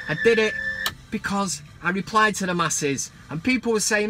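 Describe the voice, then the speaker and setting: A man's voice: sits high, moderate pace, sharp tone, a little hiss or hum. A man hosting a football vlog, ranting heatedly and mockingly with plenty of swearing.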